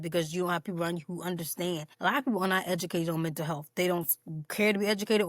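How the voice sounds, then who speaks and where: A woman's voice: lowish voice, no echo, clean studio sound. A woman hosting a personal mental health podcast, talking candidly and earnestly straight to her listeners. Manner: candid, openly emotional. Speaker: podcast host.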